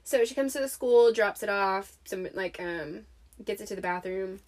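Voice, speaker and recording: A young woman co-hosting a podcast, telling a personal story in a loose, conversational way. Her voice sits at a middle pitch, and she keeps breaking into giggles and chatty asides. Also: moderate pace. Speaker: podcast co-host. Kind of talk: casual podcast chat.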